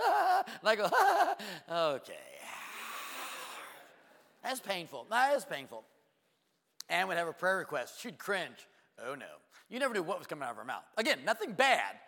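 A man preaching a sermon as a pastor, telling stories in an animated way and jumping to loud, high exclamations. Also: creaky, in a large hall.

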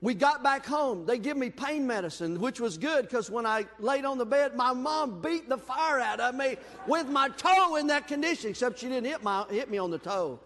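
A man preaches in a church sanctuary, his voice sitting very high for a man. He tells folksy, self-deprecating stories before turning to scripture. The sound trails off in a long hall reverb. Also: expressive, normal speed, few pauses, a bit bright. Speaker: pastor. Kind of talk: sermon with personal story.

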